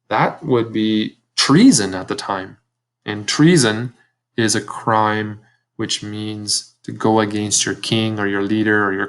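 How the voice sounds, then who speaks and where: A man's voice: on the low side, a bit bright. Man teaching a history video lesson. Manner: conversational, self-correcting, addresses students directly.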